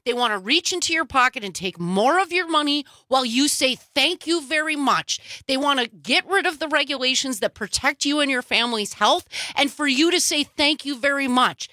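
A woman's voice: sits high, expressive, a little fast, hardly any pauses, sharp tone, no room sound, clean studio sound. A woman co-host giving emphatic, indignant political commentary.

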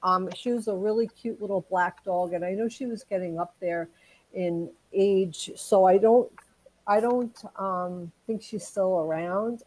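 A woman's voice: mid-range voice, a little slow, a little mellow, low-quality recording. A woman co-hosting a casual chat show, telling light stories in a chatty, giggly way. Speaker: podcast co-host.

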